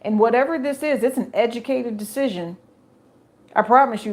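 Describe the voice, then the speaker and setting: A woman reads tarot straight to her viewers in a chatty, emphatic voice. She circles back over her own phrases and drops rhetorical questions as she goes. Her pitch sits in an ordinary middle range. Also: brisk, a little hiss or hum. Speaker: tarot reader. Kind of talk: solo tarot reading to camera.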